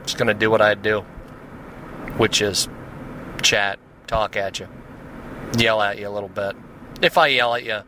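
This podcast host, an American man from around Seattle, talks in a lowish voice at normal speed with fairly even intonation and frequent pauses. His casual monologue wanders off topic and is full of fillers, with background noise audible.

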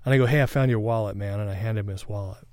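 A man's voice: fairly low pitch, a little mellow, no echo. A man preaching a sermon in a conversational, reflective way, sharing a personal story and often checking in with "all right?". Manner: reflective, meditative pauses.

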